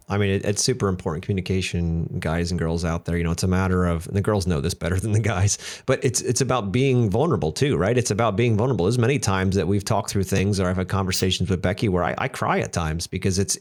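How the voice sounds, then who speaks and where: Man, podcast host, quick talker, lowish voice, candid joking storyteller. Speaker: podcast host and business owner. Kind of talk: casual podcast chat.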